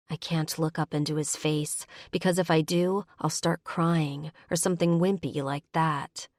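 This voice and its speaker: A woman reads a first-person romance in a measured, intimate manner. Her voice sits a little low and moves at an unhurried, very slow pace. The recording is dry and close. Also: fairly even intonation, a little mellow, no room sound. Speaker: audiobook narrator.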